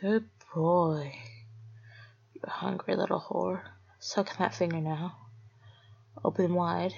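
Brief: woman, low gravelly voice, unhurried taunting audio role-play, dull lo-fi recording. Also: fairly even intonation, a little mellow. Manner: mocking, teasing and domineering.

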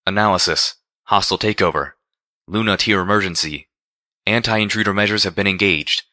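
A man's voice: on the low side, fairly quick, bright, forceful tone, no echo, clean studio sound. A man voicing a dispassionate automated security system making announcements over speakers.

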